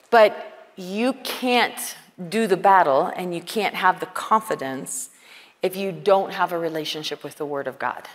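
A woman preaching at a women's conference, earnest and conversational, often quoting dialogue. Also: lowish voice. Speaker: conference speaker. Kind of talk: sermon. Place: large conference hall. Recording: hall reverb.

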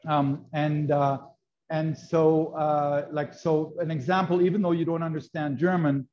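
This baking instructor's voice is fairly high with a level tone and a slightly slow pace. Teaching a live class in a kitchen classroom, he explains in a chatty way, using many fillers and checking "right?", all heard through dull, lo-fi video call audio.

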